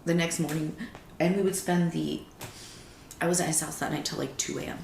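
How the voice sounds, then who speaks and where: A woman's voice: low-pitched, brisk, gravelly. A woman guest on a podcast, telling a personal story in casual conversation and acting out the lines of the people in it. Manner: animated, acts out quoted dialogue. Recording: roomy echo with faint background noise.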